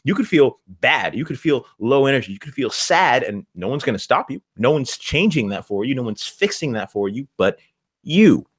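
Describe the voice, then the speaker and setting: A man co-hosting a motivational talk show, speaking in quick, punchy bursts and repeating words for emphasis. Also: mid-range voice, big pitch swings, slightly rough. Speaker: podcast co-host.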